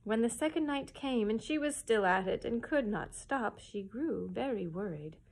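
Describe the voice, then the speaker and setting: A woman librarian reading a children's chapter book aloud at story time, in an expressive, lively storytelling manner. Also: a little high, normal speed.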